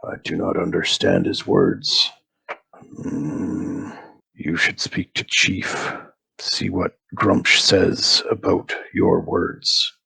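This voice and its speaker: A man puts on a slow, rumbling orc guide with a deep, gravelly voice that rasps and grinds. The orc talks in clipped, broken phrases, deliberate and plain, like a simple guard showing strangers around a tabletop game world. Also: bright, forceful tone, exaggerated voice, low-quality recording. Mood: plain gruff.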